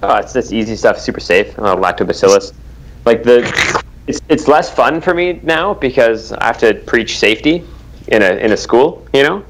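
A man's voice: mid-range voice, expressive, moderate pace, slight background noise. A man co-hosting a podcast in casual chat, rambling with many fillers. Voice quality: rambling filler-heavy delivery. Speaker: podcast co-host.

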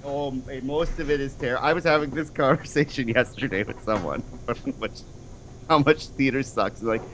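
A man in casual chat who laughs often and talks in an animated way. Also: mid-range voice, fairly quick, slight background noise.

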